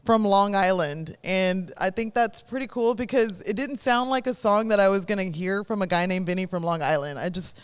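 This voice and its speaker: A woman's voice: mid-range voice, normal speed, hardly any pauses, clean tone. A woman hosting a live radio show, chatting casually in a rambling, self-correcting way. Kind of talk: casual chat. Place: live broadcast studio.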